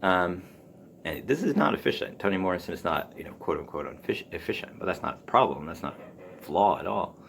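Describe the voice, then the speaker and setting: A man with a very deep, gravelly voice thinks out loud on his own podcast, halting often and circling back with ums. There is a faint hiss behind him. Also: expressive. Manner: musing, halting, with frequent ums and restarts. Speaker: podcast host. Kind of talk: casual solo talk on writing.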